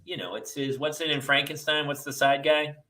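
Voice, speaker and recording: A man hosting a casual comedy chat, talking in an animated, jokey way. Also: on the high side, fairly quick. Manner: animated, jokey, jumps into silly voices. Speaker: host.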